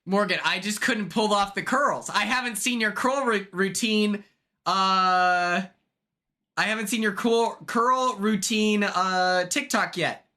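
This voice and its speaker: A young man chatting casually on a live stream, excitable and chatty, greeting viewers by name from his home. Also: sits high, slow.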